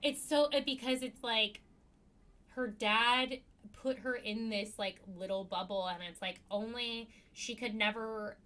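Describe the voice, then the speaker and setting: This woman talks a little higher than most, with a bright, forceful tone. She recaps a TV episode in a loose, chatty way, full of fillers. She slips into the characters' lines as she goes. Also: fairly even intonation, a little slow. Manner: chatty, heavy on fillers, acts out quotes. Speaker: podcast co-host. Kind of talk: casual TV recap chat.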